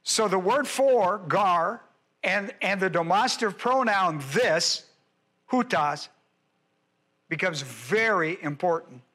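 Slowly and emphatically, a man serving as pastor teaches the Bible one verse at a time in a high, bright voice. Key phrases come back again and again, and he keeps asking his audience whether they're following along, like a teacher driving a lesson forward.

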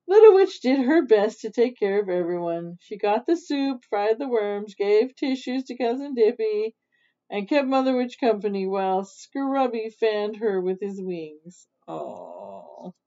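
A mother reading a picture book aloud to children, adding gentle teaching asides, on a slightly dull recording. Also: medium pitch, animated, a little slow.

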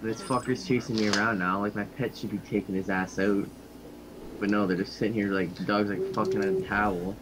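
A man's voice: fairly even intonation, fairly quick. An Irish man raging and swearing constantly while gaming over voice chat. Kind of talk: casual profane gaming chat. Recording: loud noisy low-quality voice chat.

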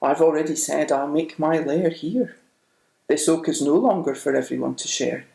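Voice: normal speed, gravelly, dark tone, echoey room, lightly acted. A storyteller voicing a huge, stubborn, fire-breathing male dragon who snarls and roars. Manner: booming, possessive, snarling.

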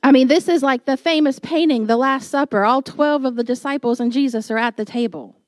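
Lady pastor telling a funny story in church, kinda high voice, animated, dry mic. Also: brisk, no echo. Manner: chatty, storytelling, animated quotes, laughs at herself. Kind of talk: sermon with personal stories.

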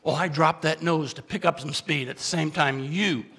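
A man with a bright, forceful, slightly high voice gives a keynote talk as dramatic storytelling. He speaks straight to the audience with questions and swings from loud urgent bursts to hushed confessions. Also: moderate pace, husky, long reverb tail. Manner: asks the audience questions directly.

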